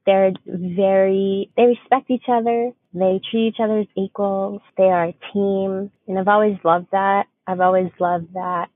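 A young woman co-hosts a podcast, talking frankly in casual chat, swearing freely and using lots of fillers. Her mid-range voice is flat and a little slow, with few pauses, and the dry recording has a tinny, phone-like sound with no room echo.

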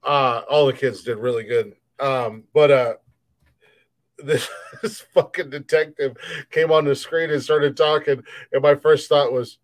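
Male co-host, middle-pitched voice, jokey and crude in casual chat. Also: fairly even intonation, a little slow, poor audio. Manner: joking, laughs often, profane. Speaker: podcast co-host. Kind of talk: casual banter.

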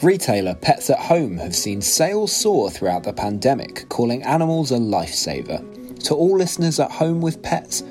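A man hosting a comedy news podcast, reading scripted headlines with deadpan punchlines. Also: medium pitch, moderate pace, faint music behind.

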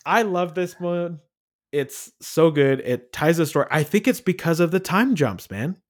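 A man co-hosting a casual podcast, leading the talk in a relaxed, storytelling way. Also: on the high side, unhurried. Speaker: podcast co-host. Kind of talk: casual chat.

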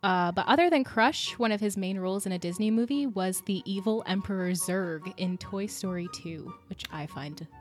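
A woman's voice: mid-range voice, moderate pace, few pauses, faint music behind. A woman co-hosting a casual podcast, chatty and giggly as she explains things. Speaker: podcast co-host.

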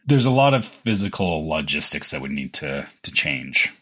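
A man co-hosting a podcast in casual chat, with a deep radio-announcer voice, rambling and restarting his sentences. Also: very animated, normal speed, a bit bright, breathy edge. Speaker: podcast co-host.

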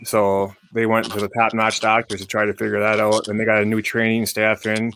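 A man interviewing a guest in a relaxed, conversational way. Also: on the low side, a little fast, slight background noise. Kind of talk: casual interview chat.

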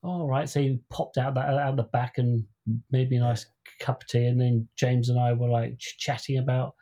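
Co-hosting a podcast, this man meanders through a lengthy anecdote in a relaxed chat, starting over often and performing quoted voices. He speaks at a moderate pace in a warm, medium-pitched voice with a flat delivery.

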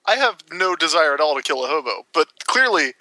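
Podcast cohost guy, super bright sharp voice, dry close sound, lots of ums and uhs. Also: on the high side, sing-song, brisk, dry recording, poor audio. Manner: laid-back, hesitant with many fillers. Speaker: podcast co-host. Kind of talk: casual chat.

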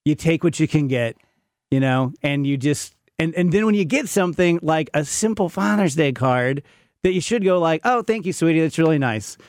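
A man's voice: on the high side, animated, moderate pace, a little mellow, dry recording, studio quality. A man in his fifties, chatting candidly as a podcast co-host and poking fun at himself while telling stories. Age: 50s. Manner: candid, self-mocking storyteller. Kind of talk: casual chat.

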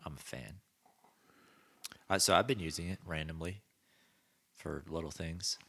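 A man's voice: very deep voice, a little slow, gravelly, pushed and bright, husky. A man co-hosting a podcast, chatting casually and enthusiastically about gadgets. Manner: enthusiastic, acts out quoted voices. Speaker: podcast co-host. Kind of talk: casual chat.

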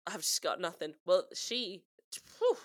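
A woman's voice: fairly low pitch, wildly swooping pitch, unhurried, dry recording, studio quality. A woman from the UK co-hosting a podcast, chatting casually and laughing often as she recaps a film and quotes its lines. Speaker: podcast co-host. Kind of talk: casual chat.

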